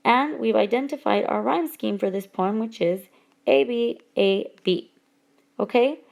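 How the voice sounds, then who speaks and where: A woman teacher giving a recorded lesson over whiteboard slides, speaking slowly and deliberately and stretching out example words. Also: fairly high pitch, vocal fry, darkish tone.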